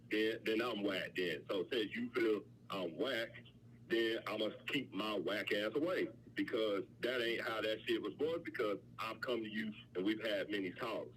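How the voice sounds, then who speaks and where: A man's voice: lowish voice, a bit bright, slight background noise, poor audio. A man co-hosting a podcast, arguing defensively and repeating his points. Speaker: podcast co-host. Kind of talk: heated argument.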